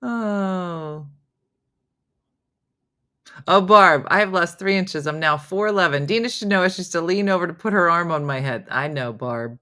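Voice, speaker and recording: This middle-aged host of a casual morning show has a lowish voice and a measured pace as she reads viewer comments. Animated and theatrical, she recounts family tales and voices each character herself.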